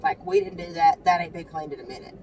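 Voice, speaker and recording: A woman's voice: quick pace, distant mic, slight background noise, poor audio. A mother, telling a story to the camera from her parked car, acting out what other people said. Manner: animated, talks to the camera, acts out others' lines in a high voice. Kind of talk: casual storytelling vlog. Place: parked car outside a credit union.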